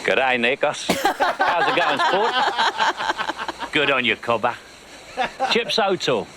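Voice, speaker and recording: A blustering fake Aussie tycoon. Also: male voice, fairly high pitch, huge pitch swings, takes it slowly, gravelly, very noisy, exaggerated voice. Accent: put-on Australian. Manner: hearty, slangy, showy bluster. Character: male con man faking a brash Australian hotel tycoon. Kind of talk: film scene. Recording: film audio with loud crowd behind. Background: crowd.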